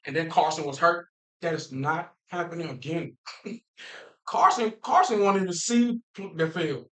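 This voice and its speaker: A man's voice: a little high, pushed and bright, rough recording. A man vlogging as a football fan, ranting casually and animatedly, repeating himself and talking straight to his viewers. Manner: emphatic, restarts phrases often. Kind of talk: casual sports rant.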